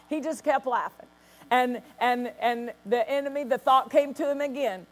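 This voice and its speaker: A woman pastor preaching a sermon, telling stories with lively quoted voices and bursts of acted laughter. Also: high-pitched, normal speed.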